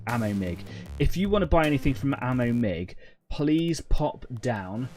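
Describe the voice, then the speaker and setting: A man's voice: medium pitch, darkish tone. Chatty man, rambling live-stream host. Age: 30s. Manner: rambling, chatty, many fillers and restarts. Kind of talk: casual live-stream chat. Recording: faint music behind.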